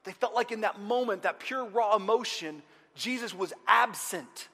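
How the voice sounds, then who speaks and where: Pastor guy preaching, high voice, swings loud to quiet, big echoey church. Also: moderate pace, slightly rough. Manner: animated preaching, swinging from loud outcries to hushed. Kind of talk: sermon. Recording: long hall reverb.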